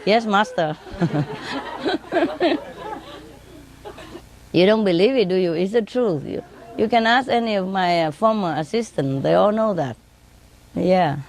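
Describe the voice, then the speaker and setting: A woman's voice: mid-range voice, expressive, slow pace, pauses often, a little mellow, some chatter behind, slight background noise. A woman spiritual teacher casually telling stories to an audience in simple non-native English, chuckling often.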